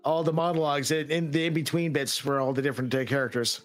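A man's voice: a little high, fairly even intonation, fast. A man co-hosting a podcast, casually sharing trivia with fillers and restarts. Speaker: podcast co-host. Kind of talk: casual watch-along chat.

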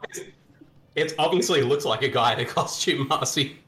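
A man chatting casually with friends while watching a movie, giving animated, exclamatory commentary. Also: mid-range voice, moderate pace. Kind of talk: casual group chat over a movie.

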